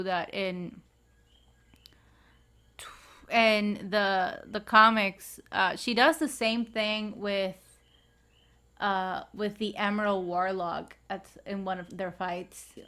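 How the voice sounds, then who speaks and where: A woman's voice: mid-range voice, fairly bright tone. A woman co-hosting a podcast, chatting casually and hesitantly, with many fillers. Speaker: podcast co-host. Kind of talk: casual chat.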